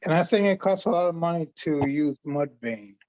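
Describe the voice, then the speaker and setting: A man's voice: on the high side, animated, normal speed, a little mellow, no room sound. A man on a casual podcast panel, making wry, offhand remarks. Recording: dull, dry lo-fi sound.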